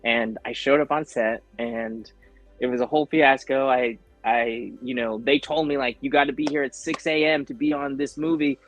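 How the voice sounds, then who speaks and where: An actor appearing as a guest in a laid-back interview tells a story at a medium pitch and ordinary speed, with faint music playing behind him. He's animated, voicing other people's lines as he goes and filling his speech with lots of fillers.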